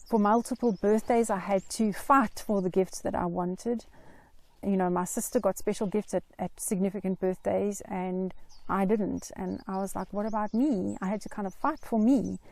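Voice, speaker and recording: A middle-aged woman earnestly telling her own life story in a slow, reflective way. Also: mid-range voice, fairly even intonation, a little mellow, dry recording. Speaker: Christian mental health vlogger. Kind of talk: personal story told to camera.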